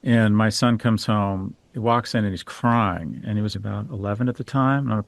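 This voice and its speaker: A man's voice: on the low side, steady tone, fast talker, gravelly, few pauses, no room sound. A middle-aged man, a guest on a podcast interview, speaking in a candid, opinionated way and telling stories. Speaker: guest financial expert.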